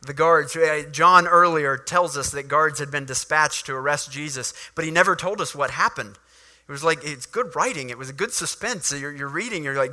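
A man's voice: a little high, normal speed, sharp tone. A man preaching a sermon, reading scripture and animatedly acting out the scenes he explains.

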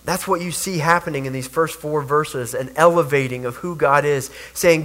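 A man delivers a sermon in an earnest preaching manner. His voice sits a little high and sounds bright and forceful. He leans on rhetorical questions and restarts his words as he goes. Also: moderate pace, few pauses. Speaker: pastor.

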